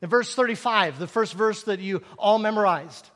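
Man, preacher, very high voice, rhetorical questions, long hall echo. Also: normal speed. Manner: animated, acting out scripture scenes with rhetorical questions. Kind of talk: sermon.

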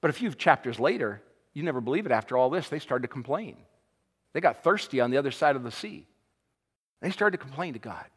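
A male pastor preaching a sermon with passion, swinging between loud cries and hushed, quiet passages. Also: mid-range voice, lively intonation, fast talker, slightly rough. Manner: impassioned, swings from shouting to hushed. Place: church sanctuary. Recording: long hall reverb.

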